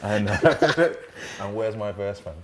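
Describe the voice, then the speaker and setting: A man hosting a casual interview, relaxed and encouraging, reading out viewer questions. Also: on the low side, slow. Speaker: interviewer, host.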